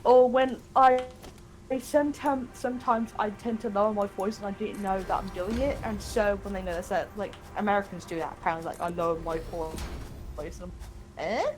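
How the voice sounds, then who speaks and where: A woman's voice: mid-range voice, steady tone, brisk. British woman, mid voice, rambling gamer chat, music under. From Britain. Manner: chatty, rambling, with mock outrage. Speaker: co-host gaming. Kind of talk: casual gaming chat.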